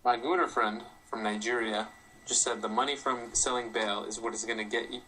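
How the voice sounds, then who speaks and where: An American man telling a story in casual chat as a guest, relaxed and easygoing. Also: medium pitch, a little fast, a little hiss or hum, poor audio. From United States.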